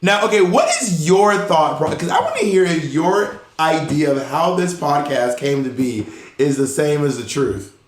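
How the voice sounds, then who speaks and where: A man's voice: fairly high pitch, expressive, normal speed, a little hiss or hum. A man from Corinth, Mississippi, co-hosting a podcast in playful, teasing chat, recorded in a roomy space. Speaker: podcast co-host. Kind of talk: casual chat.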